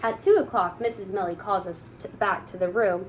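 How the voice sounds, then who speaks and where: A woman's voice: medium pitch, steady tone, normal speed, a little hiss or hum, low-quality recording. A young woman teacher reading a picture book aloud to kindergarten children in a playful storytelling manner.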